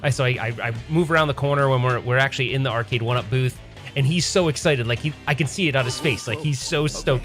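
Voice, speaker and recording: A man with a middle-pitched voice hosts a pinball livestream in a casual, rambling way. He keeps restarting his sentences and talking straight to his chat, with faint music behind him. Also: fast, fairly bright tone. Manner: rambling, self-correcting, chatty with chat. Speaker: pinball streamer host.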